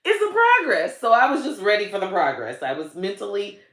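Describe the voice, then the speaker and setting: A woman comedian giving a tearful, emotional personal monologue, swinging from hushed to loud with heavy cursing. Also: medium pitch, very animated, a little fast, echoey room. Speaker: comedian and social media creator.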